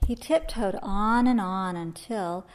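A woman reading a rhyming children's story aloud in a gentle, sing-song way. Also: medium pitch, takes it slowly, faint music behind. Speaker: storybook reader.

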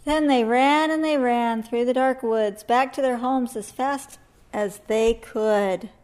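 A woman reading a rhyming children's story aloud in a gentle, sing-song way. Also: on the high side, slow pace. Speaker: storybook reader.

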